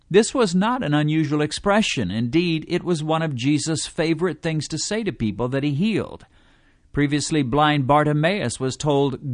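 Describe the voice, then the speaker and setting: A man reading a devotional teaching in a measured way, slowing down to stress quoted scripture. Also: a little high, expressive, dry recording, clean studio sound. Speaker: preacher.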